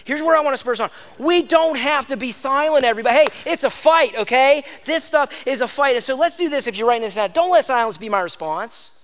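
High-voiced male pastor preaching in a hall. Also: fast, hardly any pauses, fairly bright tone. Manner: emphatic, exhorting, repeats lines for stress. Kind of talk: sermon. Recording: long hall reverb.

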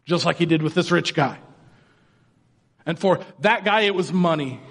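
A man's voice: a little high, normal speed, fairly bright tone. A man, a pastor, giving a casual, joking sermon and acting out people's reactions. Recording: long hall reverb.

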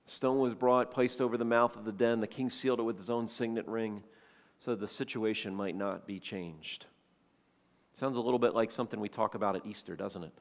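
Man preaching a sermon in a reverberant hall. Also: medium pitch. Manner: storytelling, acting out quoted voices. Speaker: pastor.

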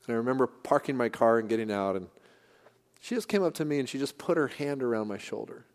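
A middle-aged man from the San Francisco Bay Area, preaching a sermon in a church in an earnest, conversational way, pausing and restarting as he speaks. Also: mid-range voice, expressive. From San Francisco Bay Area, California. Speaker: pastor. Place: church sanctuary. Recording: long hall reverb.

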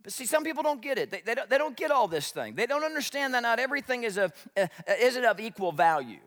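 Male pastor, high bright voice, animated storyteller, sermon in a reverberant church hall. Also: quick pace.

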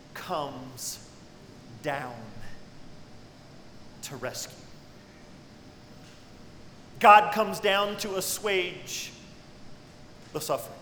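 A male preacher delivers a sermon with a bright, high-pitched voice. He swings from near-whispers to ringing cries. The sound is echoey, with a long hall reverb and faint ambient noise behind him. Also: lively intonation, very slow, long pauses. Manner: dynamic preaching, dropping to hushed tones then rising to cries. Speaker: pastor.

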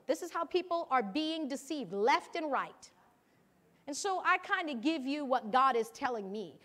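A woman's voice: high voice, a bit bright. A middle-aged woman pastor preaching a sermon, emphatic and repetitive as she urges her listeners.

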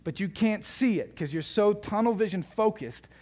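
A man's voice: high voice, expressive, normal speed, a little mellow, pitched above the performer's own voice. A male preacher voicing a talking donkey who pleads with its rider in casual slang. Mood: exasperated.

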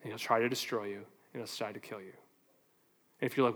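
A man preaching a sermon as pastor, animated, asking rhetorical questions and playing out little back-and-forth exchanges. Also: mid-range voice, fairly quick, long reverb tail.

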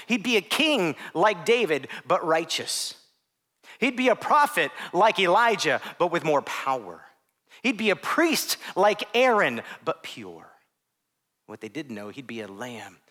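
A man preaching a sermon in a conversational way, with self-deprecating asides, often dropping to soft hushed phrases. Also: fairly high pitch. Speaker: pastor.

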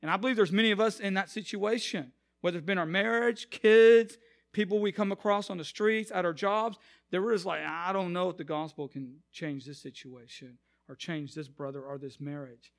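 High-voiced pastor preaching. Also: male voice, moderate pace, vocal fry. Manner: conversational, acts out quotes, rises to emphatic preaching. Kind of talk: sermon with storytelling.

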